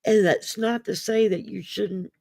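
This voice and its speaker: Raspy higher-pitched man, slow and rambling. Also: fairly even intonation, a little mellow, no echo. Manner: rambling, hesitant, many ums and restarts. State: sleepy, yawning. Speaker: podcast host. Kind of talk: casual mental wellness discussion.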